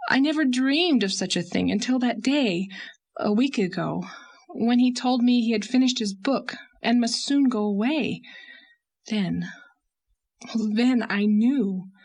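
A woman's voice: mid-range voice, husky, pitched above the performer's own voice, full character voice. A woman reading an audiobook, voicing a passionate, restless young woman in anguish, with an emotional, pleading delivery. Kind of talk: audiobook character voice.

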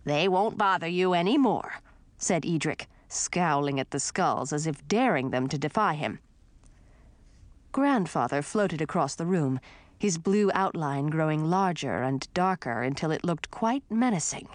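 A woman narrates a fantasy audiobook in a clear storytelling manner. Her voice sits fairly low and is recorded dry and close, with no room sound. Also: lively intonation, a little slow, dry recording. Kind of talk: scripted narration.

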